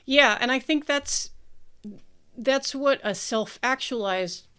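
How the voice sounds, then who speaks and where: A woman's voice: sits high, slow pace, pushed and bright, smooth. An American woman co-hosting a podcast, chatting casually in a frank, blunt way and swearing freely. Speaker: podcast co-host. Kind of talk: casual chat.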